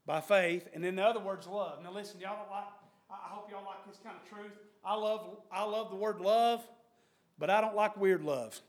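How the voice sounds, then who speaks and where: High-voiced preacher. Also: male voice, fairly even intonation, moderate pace. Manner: preaching with sudden shouts and mocking quoted voices. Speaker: pastor. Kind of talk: sermon.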